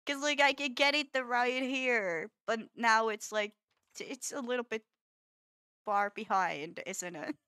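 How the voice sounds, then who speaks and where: A woman's voice: a little high, a little slow, sharp tone, smooth, dry recording, studio quality. A woman streaming a building game, chatting casually, scolding the game in playful frustration and laughing often. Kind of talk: casual gameplay chat.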